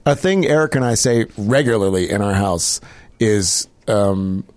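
Casting: man, podcast co-host, lively swinging pitch, dry close sound, loose and jokey. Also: unhurried, no echo. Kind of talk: casual chat.

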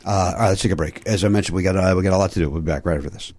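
A man's voice: deep voice, racing, heavy background noise. A man hosting a casual comedy podcast, telling stories in a rambling, self-correcting way and laughing often. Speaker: podcast host.

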